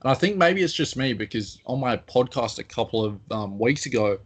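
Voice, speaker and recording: A man's voice: medium pitch, expressive, a little fast, slightly rough. A man with a Queensland Australian accent, co-hosting a podcast in a rambling, self-deprecating casual chat. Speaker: podcast co-host.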